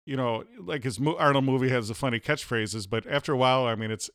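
Laid back podcast guy cracking jokes, smooth clear voice, dry mic. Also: medium pitch, quick pace, no room sound. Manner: relaxed, jokey, slips into silly voices. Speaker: podcast co-host. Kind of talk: casual chat.

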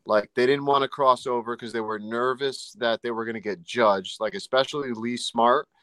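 A man hosting a casual podcast, musing out loud in a rambling way with many fillers. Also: medium pitch, steady tone, moderate pace, dry recording. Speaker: paranormal podcast host. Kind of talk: casual chat.

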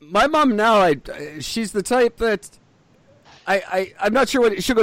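High-voiced male co-host, easygoing and self-deprecating, dry recording. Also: brisk, no room sound. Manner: chatty, laughs often, self-deprecating. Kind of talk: casual chat.

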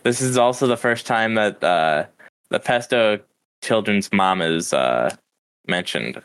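Smooth-voiced man, hesitant casual talk. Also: lowish voice, expressive, a bit bright. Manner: hesitant, many "uh" pauses. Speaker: podcast co-host. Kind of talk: casual chat.

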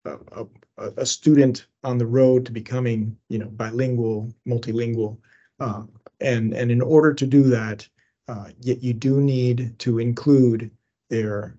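A man's voice: medium pitch, fairly even intonation, measured pace, dark tone, lo-fi sound. A middle-aged man from Cuba, an educator speaking as a podcast guest, talking earnestly and growing emphatic when he makes a point. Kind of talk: conversational podcast interview.

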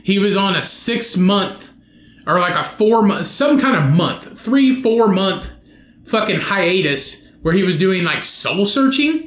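A man's voice: sits high, lively intonation, slow, fairly bright tone, reverberant, slight background noise. A young man hosting a solo podcast from his home studio, rambling, swearing and cutting himself off mid-sentence. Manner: profane, rambling, self-interrupting. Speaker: podcast host.

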